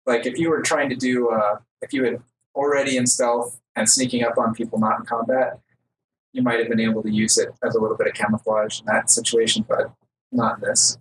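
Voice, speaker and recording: A man running a tabletop role-playing game as game master, talking with many fillers and pauses. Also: medium pitch, level tone, distant mic. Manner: hesitant, lots of fillers. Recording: noisy home recording.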